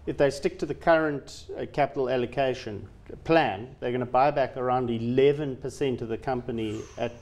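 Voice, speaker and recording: A man's voice: medium pitch, darkish tone. Wry male stock-picking guest. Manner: quick, wry quips. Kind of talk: conversational market commentary.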